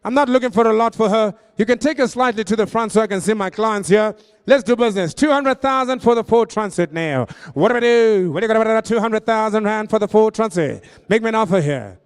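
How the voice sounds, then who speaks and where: A man working as an auctioneer, pitching vehicles with jokey patter and then rattling off bids in a rapid-fire auction chant. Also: smooth. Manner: joking, high-energy patter with rapid-fire bidding calls.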